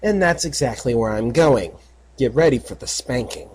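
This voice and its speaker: A man's voice: medium pitch, expressive, normal speed, darkish tone, a little hiss or hum, natural voice. A man voicing a smug, sinister female pony creature in a fan audiobook, talking in a sarcastic, offhand way. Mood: mocking.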